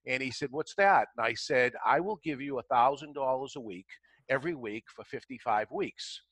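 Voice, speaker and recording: A man's voice: medium pitch, moderate pace, fairly bright tone, husky, no room sound, low-quality recording. A man, casually telling a long anecdote as a talk show guest and acting out both sides of old conversations. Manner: anecdotal, acts out dialogue in quotes. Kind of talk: casual storytelling.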